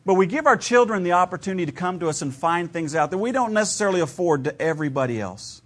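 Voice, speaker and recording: A man's voice: high voice, expressive, quick pace, a bit bright. A man in his thirties, from Ohio, preaching a sermon in a conversational, storytelling way with shifting emphasis. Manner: conversational storytelling preacher, varied emphasis, laughs at own stories. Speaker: pastor.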